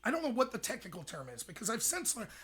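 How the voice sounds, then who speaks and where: A young adult man hosting a livestream, ranting in rapid, emphatic commentary. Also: high-pitched, wildly swooping pitch, fairly bright tone, husky. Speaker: host.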